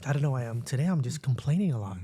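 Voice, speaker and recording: A man co-hosting a podcast, telling a story in an animated, exasperated way and switching between English and Spanish. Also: medium pitch, racing, husky. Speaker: podcast co-host. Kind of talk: casual storytelling chat. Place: podcast studio.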